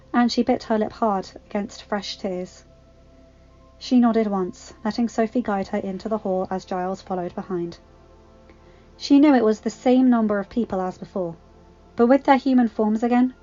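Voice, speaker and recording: A woman reading a fan fiction story aloud in a calm, even manner. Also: medium pitch, highs cut off. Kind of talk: audiobook narration.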